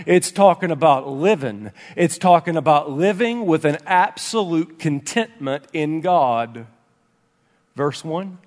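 A man preaching a sermon in a church, emphatic, swinging between loud and hushed delivery. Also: high-pitched. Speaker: pastor. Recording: long reverb from a large room.

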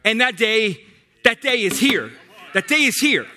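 A man's voice: high voice, very animated, unhurried, bright, forceful tone. A man pastor preaching a sermon, emphatic and repetitive, with many restarts.

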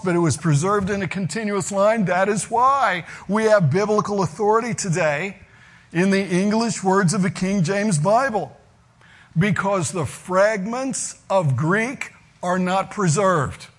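A man preaching a teaching sermon, emphatic and deliberate, slowing down to stress key phrases. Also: high voice.

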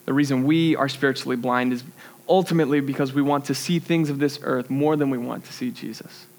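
A man's voice: mid-range voice, steady tone, brisk, a little mellow. A young man preaching a sermon, telling a story animatedly and laughing at himself. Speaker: youth pastor.

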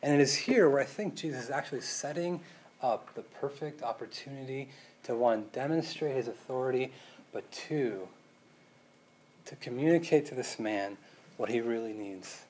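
A man preaching a casual sermon, full of rhetorical questions and tag questions, moving between loud emphasis and quiet asides. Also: mid-range voice, normal speed, breathy edge. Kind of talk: conversational sermon.

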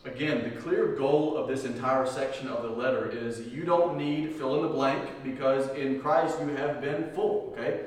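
A male pastor preaching a sermon with emphasis, repeating key lines and swinging between loud declarations and hushed moments. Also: mid-range voice, fairly even intonation, moderate pace, hardly any pauses. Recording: echoey hall from far off.

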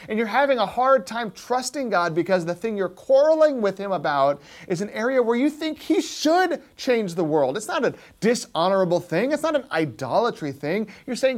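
A pastor giving a conversational sermon, often checking in with his listeners and dropping quiet and slow on key points. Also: high voice, expressive. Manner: keeps asking "right?" to the listeners; drops soft and slow on key points, rises sharply when stirred.

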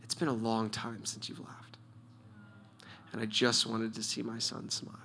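Man quoting a gentle fatherly divine voice, hushed and breathy, kept soft. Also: fairly low pitch, monotone, moderate pace, a little hiss or hum. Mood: tender.

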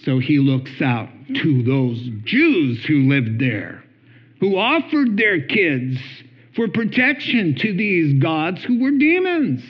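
A man preaching a sermon with animated storytelling, acting out quotes and chuckling between points. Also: a little high, slow, husky, lo-fi sound. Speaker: pastor.

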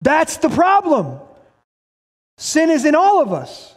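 A man delivers a sermon as pastor, reading scripture aloud and driving his points home with emphatic bursts. His voice sits high for a man. It rings out with a long reverb, as if in a large worship hall. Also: wildly swooping pitch, slow. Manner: emphatic, rises to shouts, reads scripture aloud.

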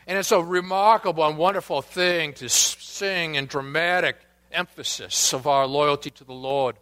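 A man preaching a sermon as pastor, reading scripture quotes aloud and moving between emphatic rises and quiet asides. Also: a little high, fairly even intonation, normal speed, clear, resonant tone.

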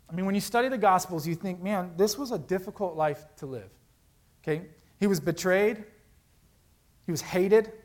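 Earnest preaching man, slightly higher voice. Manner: earnest, conversational preaching with swings between loud emphasis and hushed lows. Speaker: pastor. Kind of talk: sermon.

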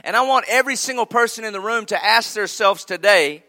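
Middle-aged pastor, bright forceful tone, folksy storyteller from the pulpit. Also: male voice, sits high, fairly quick. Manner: folksy, storytelling with rising emphatic peaks. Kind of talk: sermon.

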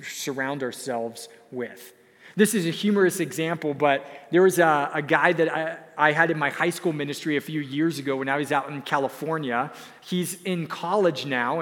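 A young man preaching a sermon as pastor, earnest and emphatic, repeating key phrases. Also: fairly high pitch. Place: church sanctuary. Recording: long hall reverb.

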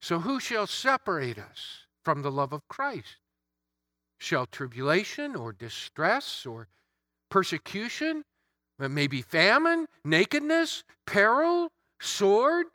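A man's voice: high-pitched, very animated, slow, pushed and bright, no room sound, studio quality. A man preaching an Easter sermon, emphatic, building through repeated phrases.

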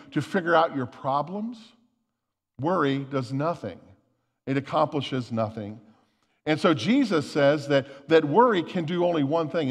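A man's voice: on the high side, in a large hall. A male lead pastor giving a conversational sermon, repeating words as he thinks, recorded in a church. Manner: conversational, repeats words while thinking, tells a joke story.

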